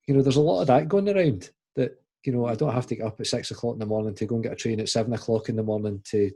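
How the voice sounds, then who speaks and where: A man's voice: on the low side, quick pace, warm tone, breathy edge. A man hosting a podcast conversation, thinking aloud in a thoughtful, rambling way with lots of fillers. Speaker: podcast host. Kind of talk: conversational interview.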